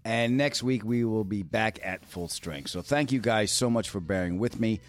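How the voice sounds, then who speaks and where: A man's voice: fairly low pitch, normal speed, soft background music. A man hosting a podcast in casual chat, joking in a wry, self-described cranky way into a studio microphone. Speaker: podcast host.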